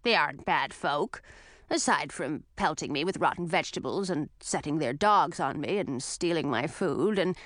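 Old storybook witch, gravelly and low, slow and growling, spiteful, read by a woman. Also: animated, fairly bright tone, no room sound. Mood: gruff. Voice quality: rough, gravelly. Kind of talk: audiobook character voice.

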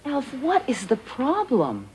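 A woman acting a calm, reasonable sitcom mother in a 1980s show. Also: sits high, slow, husky, heavily acted. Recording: noisy TV audio.

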